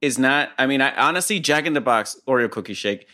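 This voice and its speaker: A man's voice: medium pitch, lively intonation, a little fast, sharp tone. A man co-hosting a podcast, giving emphatic, opinionated food opinions in casual chat. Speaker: podcast co-host.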